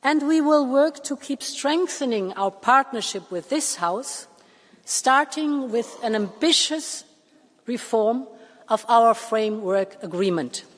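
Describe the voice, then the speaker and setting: Woman giving a measured speech in a reverberant hall. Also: on the high side, lively intonation. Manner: measured, emphatic, with deliberate pauses. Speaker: Commission president addressing parliament. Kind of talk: formal political speech. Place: large parliament chamber. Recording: long reverb of a large hall.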